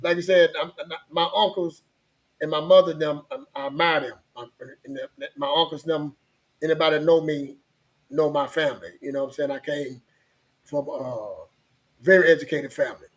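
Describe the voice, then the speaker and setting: A man telling a family story in a loose, rambling way, circling back on his words and laughing as he goes. His voice sits somewhat high for a man. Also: fairly even intonation, moderate pace. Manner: rambling, repeats himself, laughs often. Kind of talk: storytelling in casual chat.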